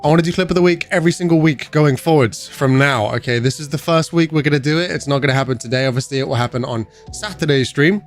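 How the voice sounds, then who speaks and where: A man's voice: fairly high pitch, fast, hardly any pauses, soft background music. A young British man streaming from his bedroom, greeting viewers by name and chatting in an upbeat, casual way. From United Kingdom. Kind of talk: casual livestream chat.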